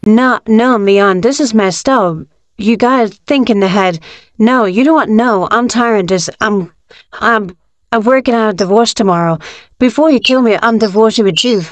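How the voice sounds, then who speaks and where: A woman's voice: fairly high pitch, moderate pace, dry recording, close to an everyday voice. A woman playing a panicked young wife who stammers and gets flustered in a casual fan roleplay.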